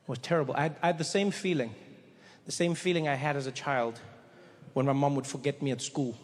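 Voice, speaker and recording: A male stand-up comedian telling a story, animated and acting out scenes. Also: mid-range voice, fairly quick, long reverb tail, slight background noise. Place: comedy club stage.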